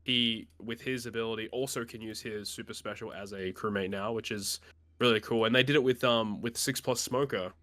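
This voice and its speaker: Young male co-host, bright tone, calm analytical delivery, hedges with ums. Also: fairly low pitch, brisk. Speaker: podcast co-host. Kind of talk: casual chat.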